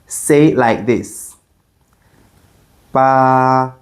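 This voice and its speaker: Male language tutor, mid-pitched, very unhurried; patient and clear, modeling sounds for beginners. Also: animated. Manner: patient, demonstrates sounds with repetition. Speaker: Chinese language teacher.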